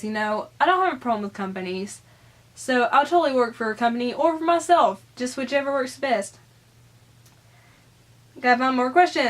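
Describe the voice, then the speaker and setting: A young Southern American woman with a Southern accent, chatting casually as she answers viewer questions in her vlog. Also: a little high. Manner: chatty, rambling, giggly.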